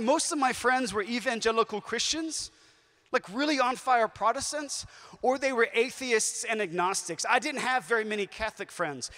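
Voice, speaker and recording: Man, conference speaker, high voice, lively storytelling, long reverb of a big hall. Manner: lively storytelling with shifting emphasis. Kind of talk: youth conference talk.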